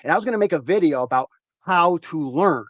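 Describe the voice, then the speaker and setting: Male host, casual chat, swears freely, rambles, slightly high pitch. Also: animated, no echo, dull audio. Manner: loose and profane, rambling with quick asides. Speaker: host of a growing show.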